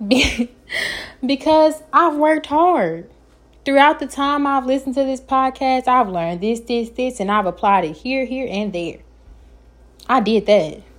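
A woman hosting her own podcast, giving an earnest, encouraging self-help talk and sometimes stumbling over her words. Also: fairly high pitch. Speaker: podcast host.

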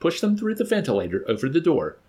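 Guy putting on a scared young woman voice, way up high, kinda husky, storybook reading. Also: huge pitch swings, quick pace, mellow, exaggerated voice. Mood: timid. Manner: high pleading put-on voice. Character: frightened, coaxing young woman.

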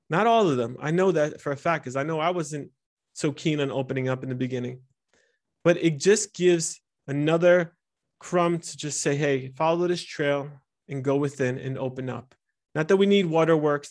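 Candid man telling personal stories. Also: on the high side. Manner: candid, vulnerable, animated storytelling. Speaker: speaker teaching instructors. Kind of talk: personal storytelling talk.

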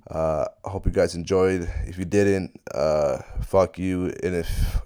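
A man's voice: deep voice, steady tone, unhurried, warm tone, clear, resonant tone, no room sound, clean studio sound. A young man hosting a casual solo podcast, rambling and swearing freely in a laid-back way. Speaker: podcast host.

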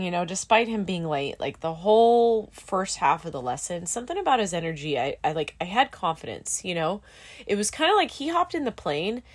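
A middle-aged woman who is a student pilot chats casually, sounding candid and emotional and leaning heavily on fillers like "like" and "dude." Her voice is on the low side.

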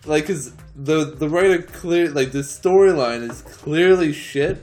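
A man's voice: fairly high pitch, measured pace, a little mellow. A young man co-hosting a casual podcast, teasing and laughing along with his friend. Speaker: podcast co-host. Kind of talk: casual chat.

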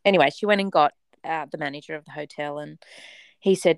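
A woman in her forties telling a personal story in a casual chat, animated and dramatic, often laughing. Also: low voice, fast, clear, resonant tone, no echo.

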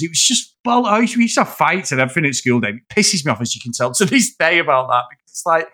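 A man's voice: on the high side, a little fast. A man, chatting animatedly and swearing on a film podcast. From England. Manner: animated, heavy swearing, loud laughing asides. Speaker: podcast co-host. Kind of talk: casual film podcast chat.

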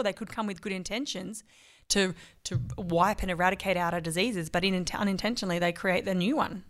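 A woman co-hosting a podcast, chatting casually and laughing often as she speculates. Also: mid-range voice. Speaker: podcast co-host. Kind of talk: casual chat.

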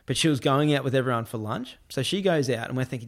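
A man chatting loosely on a podcast with a mid-pitched, everyday voice. He tells a rambling story, laughs as he goes, and jumps up in pitch to act out what others said. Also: brisk. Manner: animated, quotes others in a raised voice with many "I'm like" asides; laughs often while telling the story. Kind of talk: casual anecdote telling.

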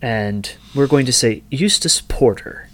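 A man's voice: mid-range voice, expressive, unhurried, a crowd in the background. A man playing a tabletop role-playing game, thinking aloud about his character's choices with many fillers. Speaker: player. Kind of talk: casual tabletop game chat.

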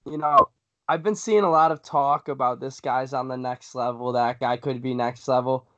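A man's voice: mid-range voice, steady tone, moderate pace, fairly bright tone. A young man hosting a casual sports podcast, talking in a hyped way and laughing easily. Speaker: podcast host. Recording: dull lo-fi recording.

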